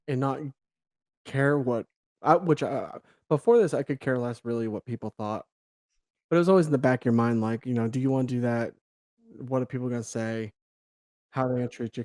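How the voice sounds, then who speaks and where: A young man tells a personal story as a podcast guest, acting out the other people's lines and laughing along. He talks casually and swears freely, with a voice of ordinary male pitch. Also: fairly quick, pauses often. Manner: animated, acts out quoted dialogue, laughs, swears casually.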